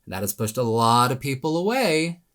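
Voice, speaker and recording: A man giving casual weight-loss advice straight to camera, animated and self-mocking, with sudden dramatic jumps in pitch. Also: a little fast.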